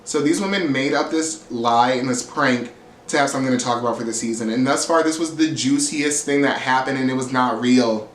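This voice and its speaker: A man's voice: mid-range voice, a little fast. Sassy, profane man recapping reality TV. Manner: sassy, blunt and profane, acts out quotes. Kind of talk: casual episode recap. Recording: roomy echo, faint ambient hiss.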